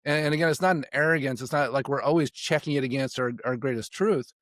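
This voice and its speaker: A man's voice: mid-range voice, fast talker, fairly bright tone, no echo. Give me a reflective man on a podcast, rambling, in a dry room. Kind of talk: casual conversation.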